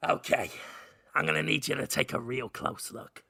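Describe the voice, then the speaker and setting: A man voicing a gruff old male lighthouse keeper, low and drawn out. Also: fairly even intonation, normal speed, pushed and bright, no echo, clean studio sound, exaggerated voice. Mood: gravelly scheming.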